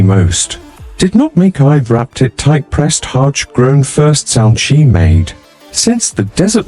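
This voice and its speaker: Male narrator, husky, lively pitch, terse clipped phrasing, faint music underneath. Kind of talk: scripted story narration.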